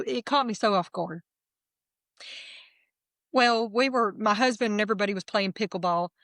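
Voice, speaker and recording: A middle-aged woman, candidly telling her personal testimony as a guest in a lively, self-deprecating way. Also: mid-range voice, no echo.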